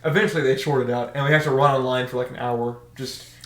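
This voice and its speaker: Animated young man telling stories, echoey. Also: medium pitch, fast. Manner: animated, laughs often, acts out shouted drill orders. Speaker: podcast co-host. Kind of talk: casual storytelling chat. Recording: echoey room.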